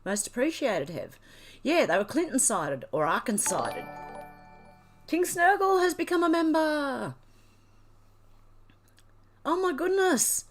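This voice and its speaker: A woman's voice: high-pitched, very animated, slow pace, long pauses, soft background music. A woman hosting a livestream, reading out chat messages and getting teary as she thanks her viewers. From Australia. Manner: emotional, gushing, tearful thanks. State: teary, crying.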